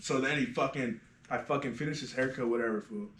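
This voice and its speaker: A man's voice: mid-range voice, quick pace, fairly bright tone. A man, a barber hosting a podcast, telling stories in a casual, profane, slangy way and laughing often. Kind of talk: casual chat, storytelling. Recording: echoey room.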